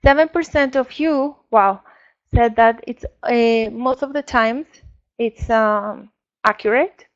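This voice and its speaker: A woman whose first language is Spanish, leading an online training for English teachers, explaining slowly with many fillers. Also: a little high, muffled recording. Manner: slow, explanatory, with frequent fillers.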